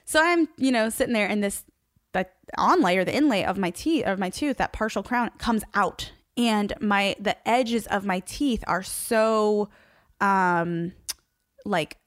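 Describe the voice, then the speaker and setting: A young woman telling a personal story casually to her followers, chatty and animated, laughing often as she talks. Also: mid-range voice, a little slow, no room sound, clean studio sound. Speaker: social media creator.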